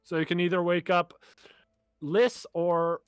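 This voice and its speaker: A man's voice: high voice, level tone, a little slow, clean tone, no echo, soft background music. A man narrating as game master of a tabletop role-playing game, laid back and laughing often.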